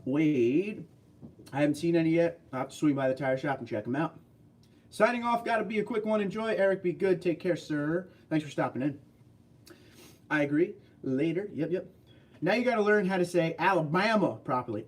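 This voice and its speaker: A Californian man with a slightly high voice hosts a casual livestream, chatting loosely and reading viewer comments, answering questions as they arrive. The mic is distant.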